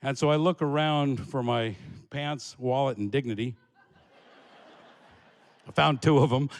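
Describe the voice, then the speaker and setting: A man from Alaska telling a comic story about himself, animated and laughing as he goes. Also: medium pitch, measured pace, in a large hall.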